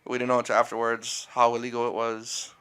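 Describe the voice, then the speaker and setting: Smooth-voiced man, blunt and profane. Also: mid-range voice, monotone, fairly quick, a bit bright. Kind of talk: casual chat.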